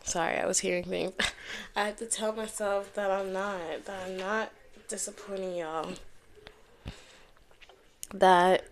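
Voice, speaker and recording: A young woman hosting her own podcast alone, speaking candidly straight into her microphone with headphones on. Her voice sits in an ordinary middle pitch, and her casual talk is full of y'all and easy swearing. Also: steady tone, slow pace, pauses often, a little hiss or hum. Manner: candid, swears freely, says y'all a lot. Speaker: podcast host. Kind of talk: casual solo talk to camera.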